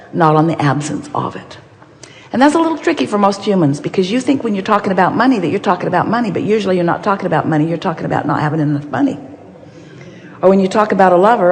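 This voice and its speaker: A woman's voice: fairly low pitch, darkish tone. A woman giving an inspirational seminar talk, speaking as a collective "we" in an emphatic, playful way. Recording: long reverb of a large hall.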